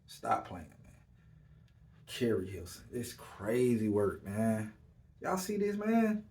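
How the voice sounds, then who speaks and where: A man's voice: lowish voice, very animated, slow, darkish tone. Laid-back man ending lines with "man". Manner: laid-back, repeats "man" at line ends. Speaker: podcast host. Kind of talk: casual monologue. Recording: echoey room.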